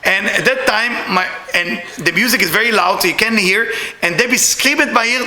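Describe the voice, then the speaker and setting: A man's voice: high voice, moderate pace, bright, forceful tone, roomy sound. A middle-aged man teaching a Kabbalah class, telling a story with laughter and repeated words.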